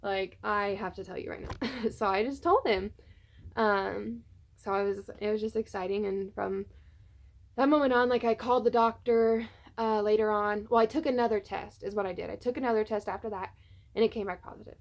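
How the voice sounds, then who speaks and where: A young woman tells a personal story to her phone camera at home, rambling with lots of fillers. Her voice has a noticeable gravelly fry, and at times she turns tearful. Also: mid-range voice, moderate pace. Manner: chatty storytelling with many fillers. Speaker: vlogger. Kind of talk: casual personal vlog. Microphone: phone on a tripod.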